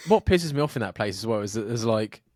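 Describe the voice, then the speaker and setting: A man's voice: lowish voice, animated, fast talker, a little mellow, dry recording, clean studio sound. A man co-hosting a podcast, chatting casually in a mumbling, sweary way. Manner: mumbling, sweary, laughs along. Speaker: podcast co-host. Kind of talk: casual chat.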